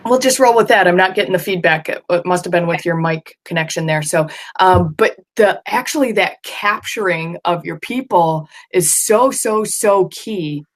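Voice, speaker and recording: A woman's voice: lowish voice, moderate pace, few pauses. A woman hosting a live video stream, chatting easily with her guest and reading out viewer comments. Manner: relaxed, reads out viewer comments. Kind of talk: casual live-stream interview.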